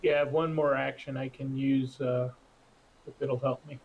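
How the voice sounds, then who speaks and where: A man playing a tabletop game, calmly describing what his character does. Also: medium pitch, moderate pace, dull audio, noisy background. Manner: calm, describes his actions in detail. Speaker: player. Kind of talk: casual tabletop play.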